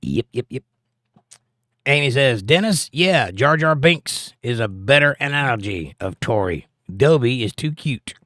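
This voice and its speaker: A man's voice: mid-range voice, expressive, unhurried, few pauses, a bit bright, dry recording, studio quality. A man hosting a casual livestream, reading viewer comments aloud in a folksy, drawling way. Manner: laid-back, folksy, drawling. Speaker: livestream host.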